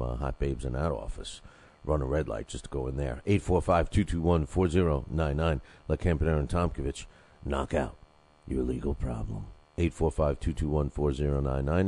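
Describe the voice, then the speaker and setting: An older man with an extremely low, dark-toned voice hosts a boxing podcast, rambling loosely through sponsor ads with jokes and plenty of filler words. The recording is dry, and the talk is casual.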